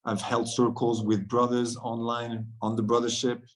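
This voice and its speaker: A man's voice: medium pitch, completely flat delivery, normal speed, rough recording. A man from France, a guest on a podcast, telling stories in an earnest, reflective way and often laughing between thoughts. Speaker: guest, men's circle facilitator.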